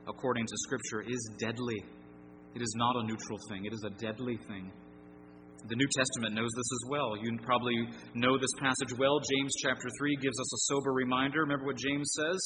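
A man's voice: medium pitch, level tone, a little fast, over music. A man preaching a sermon, earnest and emphatic, often asking his listeners rhetorical questions. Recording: long reverb with faint hum.

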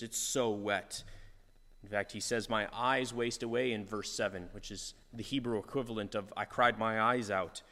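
A man preaching a sermon, earnest and repetitive, his voice rising in force on key lines. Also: medium pitch. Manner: earnest, repeats phrases for emphasis, swells in volume on key points. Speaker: pastor. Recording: long reverb of a large hall.

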